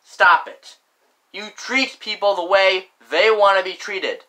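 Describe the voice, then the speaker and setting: Young man, casual vlog rant, indignant, filler-heavy, slow delivery, bright tense voice. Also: sits high, poor audio. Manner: indignant, repeats "frickin'" and "like" often, lots of filler. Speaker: vlogger. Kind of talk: casual ranting monologue.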